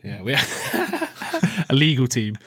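A man's voice: mid-range voice, huge pitch swings, takes it slowly, crowd noise. A young man co-hosting a casual football podcast, laughing, swearing and joking. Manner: laughing, swearing, jokey banter. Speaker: podcast co-host.

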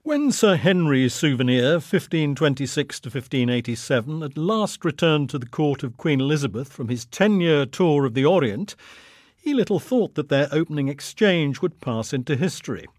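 Man, comic story reader, mock-historical manner, lively intonation, dry recording. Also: on the high side, normal speed, no echo. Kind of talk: reading a comic story aloud.

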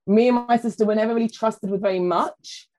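A woman, a food writer chatting on a podcast and telling family stories in a lively way. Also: on the high side, brisk, rough recording. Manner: chatty storyteller, animated quoting. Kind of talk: casual chat.

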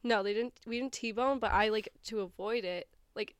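A woman's voice: fairly high pitch, normal speed, no echo. A young woman guest on a podcast, chatting casually, filling her stories with "like" and laughing easily. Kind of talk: casual chat.

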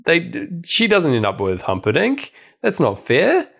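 Man doing a high, whiny kid who won't accept how the story goes. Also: wildly swooping pitch, measured pace, gravelly, fairly bright tone, breathy edge, heavily acted. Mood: indignant. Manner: whiny, protesting. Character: indignant young boy protesting a story.

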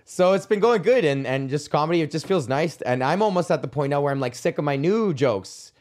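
A man's voice: fairly high pitch, animated, a little fast, a little mellow. A young man from Canada hosting a podcast, telling a rambling, profane story with frequent laughs. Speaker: podcast host. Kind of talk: casual monologue.

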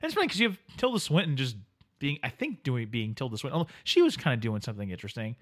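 Man, podcast co-host, casual banter, quick rambling talk, bouncy animated pitch, fairly high voice. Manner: joking, rambling, quick talk with many fillers. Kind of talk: casual chat.

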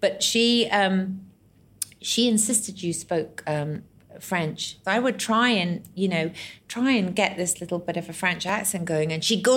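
A woman from Scotland in casual chat, telling stories in a lively, self-mocking way. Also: medium pitch, moderate pace, slight background noise. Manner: chatty, self-mocking, lively storytelling with put-on voices.

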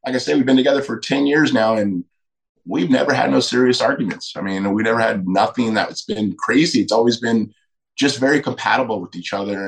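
A man's voice: mid-range voice, poor audio. A middle-aged man, a podcast guest, telling candid personal stories emphatically and acting out quoted dialogue. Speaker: podcast guest, retired fighter.

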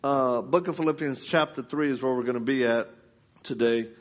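Male preacher, conversational sermon, animated and colloquial delivery, mid-pitched voice. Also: normal speed. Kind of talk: storytelling sermon.

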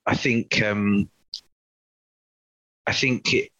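A man's voice: lowish voice, fairly even intonation, very slow, bright, forceful tone, dull audio. A man co-hosting a podcast in casual chat, talking enthusiastically and often restarting his sentences. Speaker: podcast co-host.

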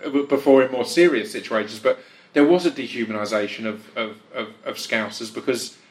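Guy hosting a chatty interview, stops and restarts a lot, mid voice. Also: medium pitch. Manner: halting, restarts often, many agreeing yeahs. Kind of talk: casual interview chat.

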